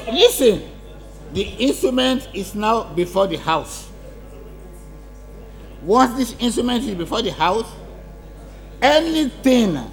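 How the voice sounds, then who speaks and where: A man's voice: sits high, gravelly. A man presiding as speaker of parliament, firmly ruling on points of order and emphatic when he disagrees. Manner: firm, emphatic, interrupting. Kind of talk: chairing a parliamentary debate. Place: parliament chamber.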